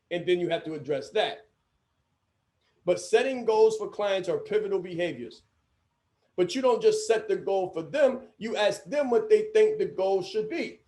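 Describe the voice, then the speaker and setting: A man with a notably high voice leads a training session for coaches. He speaks emphatically and circles back to repeat his main points. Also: normal speed, darkish tone. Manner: emphatic, repeats key phrases.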